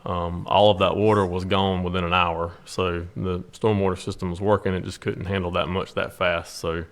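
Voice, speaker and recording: A man with a very low, gravelly voice addresses a council meeting. He speaks in a flat, measured way, pausing on frequent ums as he reports. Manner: measured, many filler ums. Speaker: city official reporting to council.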